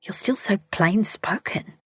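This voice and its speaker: A woman voicing a timid, frightened young woman who speaks in hushed, breathy tones in a storybook reading. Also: medium pitch, unhurried, no room sound, studio quality. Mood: anxious.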